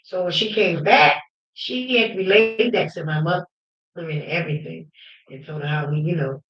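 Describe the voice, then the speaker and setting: A woman hosting a livestream, telling personal stories with emphatic fervor that at times rises to shouting. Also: fairly low pitch, normal speed. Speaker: livestream host. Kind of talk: fervent personal storytelling. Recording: roomy, dull lo-fi livestream audio.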